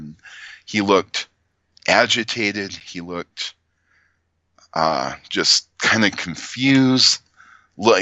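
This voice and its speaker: A low-voiced man with a forceful, bright edge tells a personal story as a podcast guest. He talks haltingly, restarting phrases and letting out small nervous laughs. The sound is dry and close, with no room around it. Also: no echo, muffled recording. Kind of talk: casual storytelling.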